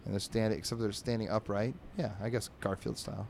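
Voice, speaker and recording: A man's voice: fairly low pitch, little pitch movement, fast, creaky, a little mellow, a little hiss or hum. A man hosting a podcast, casually reading and describing newspaper comics aloud in a rambling, amused way. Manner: rambling, amused, lots of fillers. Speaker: podcast host.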